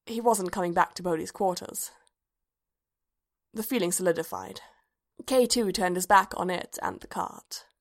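A woman's voice: on the low side, normal speed, long pauses. Woman reading a story aloud. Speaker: reader. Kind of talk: storybook narration.

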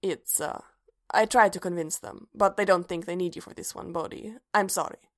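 A woman's voice: on the low side, normal speed, close to an everyday voice. A woman reading a story aloud, voicing a terse, businesslike male officer. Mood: uneasy.

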